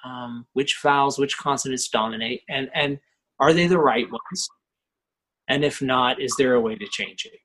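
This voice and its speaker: A man teaching poetry craft as a professor, thoughtful and unhurried, often checking in with the listener and pausing on fillers. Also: mid-range voice, a bit bright, poor audio.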